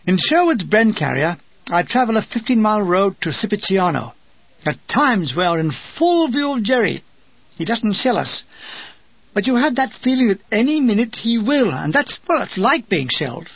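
A man reading a comic wartime memoir in a wry, deadpan way, in a dull, dry, lo-fi recording. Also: sits high, moderate pace, breathy edge, dry recording. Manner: wry, deadpan humor with acted asides. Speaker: memoir narrator.

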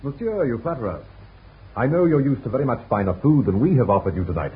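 A cheerful young Corsican son, played by a man in a vintage radio play, eager and quick to laugh. His pitch moves in lively leaps. It comes through a tinny, narrow broadcast sound. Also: lightly acted. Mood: jovial. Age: young adult. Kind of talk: 1940s radio acting.

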